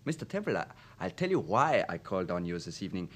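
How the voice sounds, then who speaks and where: A man's voice: low voice, big pitch swings, quick pace, fairly bright tone, exaggerated voice. A stammering nervous young man. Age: young adult. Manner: hesitant, stammering. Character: nervous young male student, evasive and eager. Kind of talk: radio drama acting.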